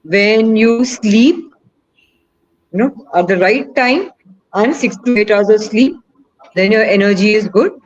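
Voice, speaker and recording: A woman's voice: medium pitch, a little slow, long pauses. Encouraging woman, lo-fi call. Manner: asks the audience questions, coaxing and encouraging. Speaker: webinar presenter. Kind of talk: interactive online teaching talk.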